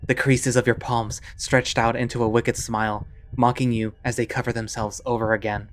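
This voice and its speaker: A man narrating a visual novel in the second person, steady and measured. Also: mid-range voice.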